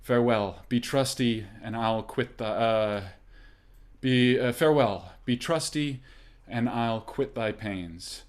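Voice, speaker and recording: A man's voice: mid-range voice, takes it slowly, lightly acted. A man reading the part of a young lover bidding farewell in a table read of a play, stumbling over his lines.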